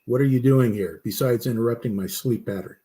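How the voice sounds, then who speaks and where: A gruff, hostile gunman, as a storyteller puts him on, curt and threatening with every word. The voice stays close to the storyteller's own in a spoken story. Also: medium pitch, a little fast, warm tone, natural voice. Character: gruff, hostile armed man.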